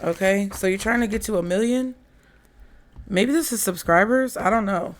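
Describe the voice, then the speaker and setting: A woman's voice: mid-range voice, moderate pace. A woman, chatting casually through a tarot reading and talking straight to her viewers. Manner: chatty, laughs often, addresses viewers as y'all and child. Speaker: tarot reader.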